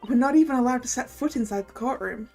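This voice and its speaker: A woman's voice: fairly high pitch, fast talker, a little mellow, soft background music, lightly acted. Woman reading an earnest, polite young woman. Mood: resolute. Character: calm, loyal, devoted young woman assistant.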